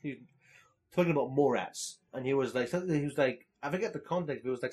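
A man's voice: mid-range voice, fast, a little mellow. A young man co-hosting a podcast in casual chat, rambling with lots of fillers and swearing. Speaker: podcast co-host.

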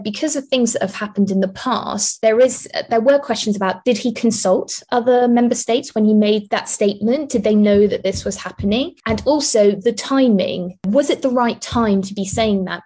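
A woman's voice: medium pitch, darkish tone. Woman analyst explaining policy. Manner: explanatory, measured, frequent restarts. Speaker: think-tank analyst, guest. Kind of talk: interview answers.

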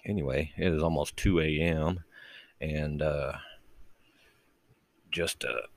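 A man hosting a casual late-night solo podcast from his bedroom, talking low and quietly, rambling and crude and mocking himself. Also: slow, gravelly, dry recording. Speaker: podcast host. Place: bedroom at home with the door shut.

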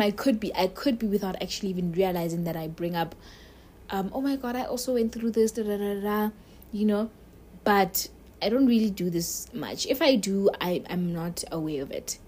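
A woman's voice: fairly low pitch, lively intonation, brisk, darkish tone, slightly rough. A young adult woman telling a personal story to her viewers in a chatty, candid way, talking straight to the listener. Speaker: vlogger. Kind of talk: casual storytelling to camera.

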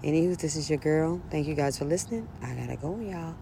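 A woman vlogger rants bluntly and profanely outside in a breeze, driving her points in through repetition. Her low voice is animated, quick and creaky, and there's background noise behind this casual ranting monologue.

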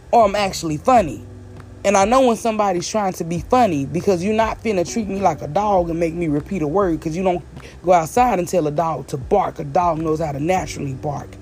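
In a direct-to-camera opinion rant, a vlogger from the American South speaks with a Southern accent, a medium pitch and a darkish tone. Blunt and emphatic, they hammer points home by repeating them.

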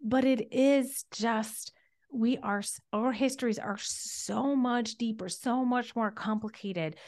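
A woman's voice: a little high, slow pace, darkish tone. A woman hosting a podcast, speaking enthusiastically with frequent restarts and fillers. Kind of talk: podcast conversation.

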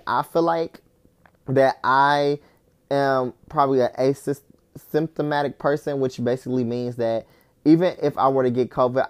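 In a casual solo rant, a young adult podcast host with a mid-range voice sounds exasperated, cursing frequently and overusing "like." Loud, incredulous outbursts punctuate the talk.

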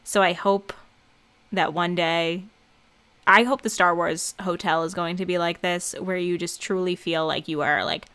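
Lively, laughing woman. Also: on the low side, a little slow, clear, resonant tone. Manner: animated, laughs often, acts out voices in stories. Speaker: podcast co-host. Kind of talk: casual chat.

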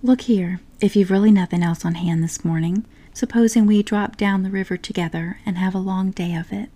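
A woman's voice: medium pitch, fairly even intonation, a little fast, dark tone, close to an everyday voice. A woman voicing a cheerful, boat-loving male water rat in a whispered role-play from a storybook, hearty and dreamy. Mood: easygoing. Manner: hearty, confident, dreamy about boats.

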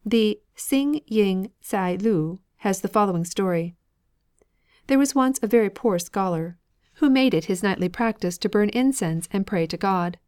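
A woman narrating a nonfiction audiobook at a middling pitch. Her reading is steady and even, with a measured, scripted delivery throughout. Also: clean tone.

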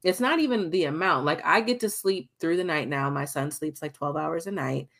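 A woman's voice: sits low, moderate pace, creaky, fairly bright tone. A young adult woman co-hosting a podcast, talking candidly in casual chat, swearing freely and acting out what people said. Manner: candid, swears, acts out quotes. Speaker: podcast co-host.

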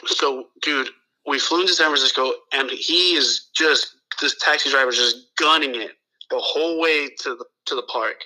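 A man with a very bright, sharp voice tells a long, rambling story in casual chat. He swears freely, restarts his sentences and acts out the lines of the people in it. The sound is that of a talk radio show. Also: medium pitch, normal speed, low-quality recording. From Los Angeles area. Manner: rambling, profane, full of restarts and quoted dialogue. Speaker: guest telling a story.

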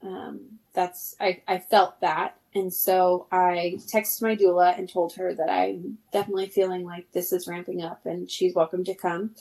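A woman's voice: on the low side, level tone, normal speed, hardly any pauses, warm tone. Chatty woman telling a story. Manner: chatty, laughs often, many fillers. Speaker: podcast guest. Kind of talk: casual storytelling.

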